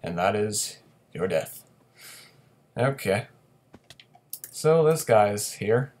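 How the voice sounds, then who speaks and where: A young man casually commentating his own gameplay, playfully taunting opponents and bursting into loud excitement during fights. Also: on the low side, extremely slow. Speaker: gaming commentator.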